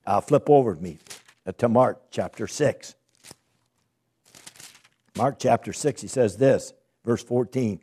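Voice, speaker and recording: A man delivers a sermon, reading scripture aloud and then explaining it in a conversational way. His voice is mellow and husky. He keeps putting questions to his listeners as he teaches. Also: medium pitch, measured pace. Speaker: preacher.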